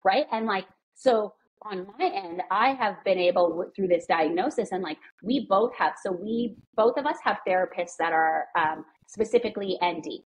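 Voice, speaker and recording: A woman's voice: medium pitch, husky, low-quality recording. A woman, a parent, talking earnestly as a podcast guest, restarting her sentences as she goes. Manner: earnest, speaks in halting restarts. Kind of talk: candid conversational interview.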